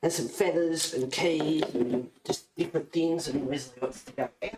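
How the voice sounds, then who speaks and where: A woman's voice: low voice, fairly even intonation, normal speed, background noise. A woman chatting casually in a craft vlog, rambling and laughing often as she shows her work. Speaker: colouring and junk-journal vlogger. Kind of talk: casual chat showing crafts. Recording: echoey room.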